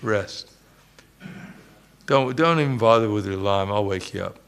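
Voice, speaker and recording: A man's voice: lowish voice, normal speed, a bit bright, smooth. A man voicing Maya, illusion pictured as a woman, speaking in a sweet, coaxing, reassuring way as part of a sermon.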